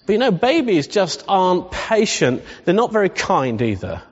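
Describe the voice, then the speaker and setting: With big swings in pitch and a slightly rough quality, a pastor with a somewhat high voice preaches a lighthearted, conversational sermon at normal speed, regularly asking the congregation questions. Long hall reverb and slightly dull audio mark the recording.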